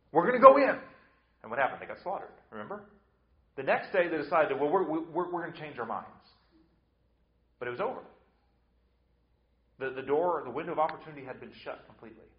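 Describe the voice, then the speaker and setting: Preaching man in an echoey church. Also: medium pitch. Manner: preaching with rhetorical questions and repetition. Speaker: pastor. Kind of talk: expository sermon. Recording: echoey hall, dull lo-fi sound.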